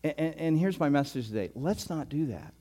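A man's voice: on the high side, brisk, slightly rough. An older man preaching a sermon as a pastor, telling stories with chuckles and frequent word restarts. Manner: storytelling with chuckles, animated and loud in anecdotes; repeats words, restarts.

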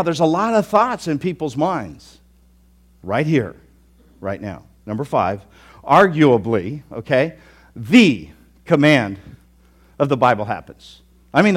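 Animated preaching man, lively pitch. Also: unhurried, pauses often. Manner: animated storytelling, acts out quoted thoughts, shifts from loud to hushed. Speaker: pastor. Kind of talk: sermon.

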